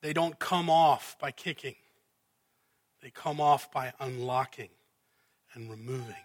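A man preaching a sermon, rising to loud emphatic peaks and dropping to quiet, intimate asides. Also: mid-range voice, a little slow.

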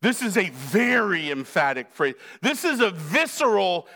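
A man's voice: high voice, very animated, unhurried, hardly any pauses, sharp tone. A male pastor preaching a sermon in a conversational, joking way, acting out the quoted lines.

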